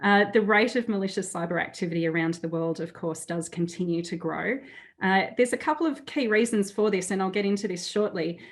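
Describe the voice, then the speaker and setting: A woman's voice: mid-range voice, fairly quick. A woman with an Australian accent giving a friendly, chatty conference talk over a video call, with frequent fillers. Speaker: webinar speaker.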